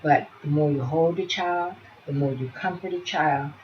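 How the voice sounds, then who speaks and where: A woman who teaches early childhood education, talking through a demonstration and chatting softly to pretend infants as she goes. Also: deep voice, normal speed, lo-fi sound, a little hiss or hum.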